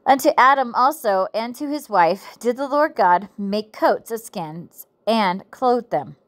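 Woman reading scripture aloud, halting. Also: a little high, animated. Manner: halting reading with frequent self-corrections; playful, giggly asides. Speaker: devotional book reader.

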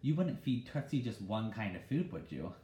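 A man's voice: fairly low pitch, very animated, moderate pace, dark tone. A man voicing an eager, chatty little boy who keeps asking questions. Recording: echoey room.

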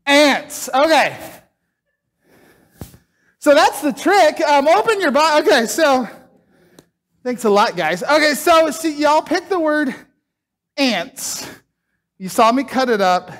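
A man's voice: very high-pitched, sing-song, slow, long pauses, a bit bright. A man preaching a casual sermon, chatting and joking with the congregation while doing a trick.

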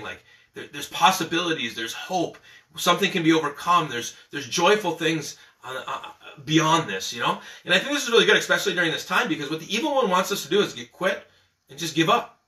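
A priest speaks with a bright, lively, rising-and-falling voice, keeping his reflection conversational and checking in often. He sounds somewhat far from the microphone, and his voice rings around a roomy church. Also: on the high side, fairly quick. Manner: animated, conversational, frequent "okay?" and "all right?". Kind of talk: morning prayer reflection. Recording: echoey church from a distance.

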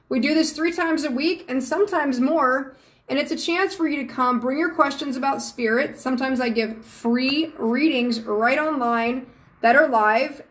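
A woman from Georgia, hosting a live stream as a psychic medium and chatting earnestly and affectionately with viewers. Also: high-pitched. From Georgia, USA.

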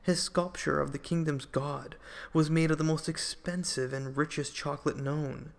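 A man reading a children's story aloud in a measured storytelling manner. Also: a little high, fairly even intonation, gravelly. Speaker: audiobook narrator.

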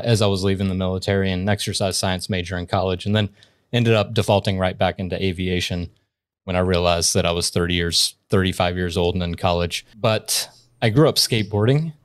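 A man's voice: deep voice, fairly even intonation, brisk, smooth, no echo, clean studio sound. A middle-aged man answering interview questions in an easygoing, casual way. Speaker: guest, video producer.

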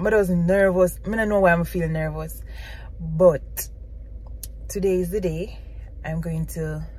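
Slow-talking woman vlogging. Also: medium pitch, darkish tone. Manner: chatty, coos at her small child. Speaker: family vlogger. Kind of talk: casual vlog chat to camera.

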